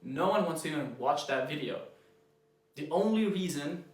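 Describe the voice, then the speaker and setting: A man from Croatia, a native Croatian speaker with a learned American accent, coaching copywriters in a blunt, informal talk, going softer and slower to stress key points. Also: on the high side, animated, echoey room. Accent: American, learned as a second language. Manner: shifts loudness and speed for emphasis, drops soft and slow on key points. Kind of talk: casual instructional talk to camera.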